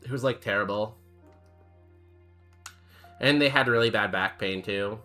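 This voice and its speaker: A man's voice: on the low side, a little slow, bright, forceful tone, soft background music. A young man streaming a game, chatting casually with his chat in a rambling, jokey way full of fillers. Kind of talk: casual chat while playing and reading chat.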